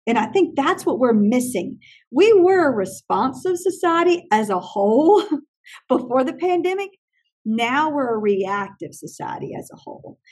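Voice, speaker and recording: A woman who trains teachers, telling animated stories in an interview and acting out other people's lines. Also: fairly high pitch, breathy edge. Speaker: teacher trainer and classroom consultant. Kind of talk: conversational interview storytelling.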